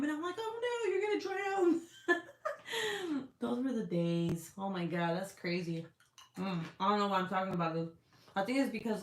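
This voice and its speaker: Candid, foul-mouthed woman chatting in a roomy space. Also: lowish voice. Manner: candid, swears freely, chatty. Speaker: livestream host. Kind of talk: casual chat. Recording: roomy echo.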